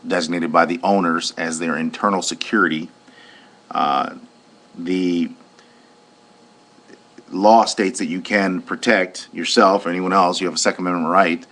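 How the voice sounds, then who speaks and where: A man with a fairly low voice tells a story in a plain-spoken way, speaking as a private security officer. He acts out the lines of the people in it as he goes. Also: steady tone, normal speed, long pauses, a bit bright. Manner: plain-spoken, retells with acted-out quotes. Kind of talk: recounting a personal incident.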